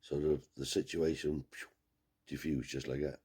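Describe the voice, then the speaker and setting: A man's voice: a bass voice, little pitch movement, moderate pace, darkish tone, breathy edge. A man from Cornwall, telling a rambling yarn in casual dialect as a travelling scrap dealer. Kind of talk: casual storytelling.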